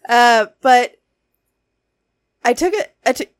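A woman's voice: a little high, expressive, slow, clear, resonant tone. A woman, a comedian visiting as a guest, chatting and telling stories in a casual talk. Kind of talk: casual chat.

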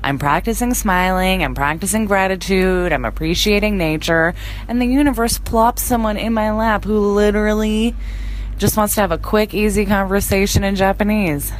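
A woman co-hosting a chat show, talking in a chatty, expressive way. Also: medium pitch, moderate pace, a little hiss or hum. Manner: chatty and expressive, lots of fillers. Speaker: podcast co-host. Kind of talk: casual chat.

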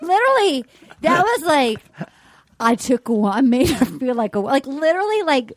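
A woman's voice: sits high, moderate pace. A woman hosting a casual chat, recapping a reality show and acting out quotes with lots of laughter. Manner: animated, laughing, acts out quotes. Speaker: podcast host.

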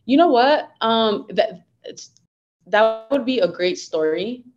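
A woman's voice: fairly high pitch, animated, takes it slowly, dull audio. A young woman fighter talking earnestly and upbeatly as a guest in a casual interview. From United States. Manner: earnest, upbeat, code-switches Spanglish.

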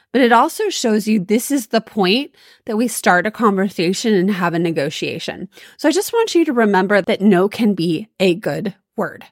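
A woman's voice: mid-range voice, no echo, studio quality. A woman hosting a solo podcast, giving upbeat, emphatic coaching advice on sales calls. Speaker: podcast host.

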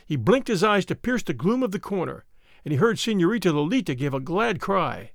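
Man narrating a story, high voice, lively and dramatic, dry close sound. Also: fairly quick, vocal fry, no echo. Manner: expressive, dramatic reading.

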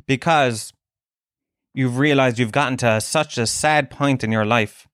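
A man's voice: medium pitch, a little slow, a bit bright, clean tone, dry recording. Irish comedian guy rambling on his podcast, sweary jokey, dry close mic. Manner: crude, swearing, joking banter. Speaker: stand-up comedian and podcast host. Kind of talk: casual comedic monologue.

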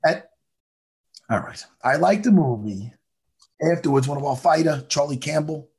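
A man talks in a gravelly, husky voice that swings up and down with lively pitch. He chats casually and animatedly, swearing freely and breaking into impressions. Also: normal speed. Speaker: podcast co-host. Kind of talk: casual chat.

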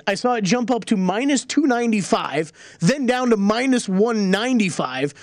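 A man co-hosting a sports betting chat who walks through odds in an analytical, quick way. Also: high voice, no room sound, studio quality. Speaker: sports betting show co-host.

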